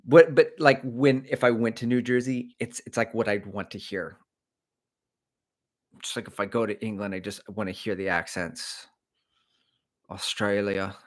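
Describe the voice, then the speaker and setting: A middle-aged man and running coach, hosting a casual livestream and rambling through opinions and asides. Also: fairly low pitch. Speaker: running coach and channel host.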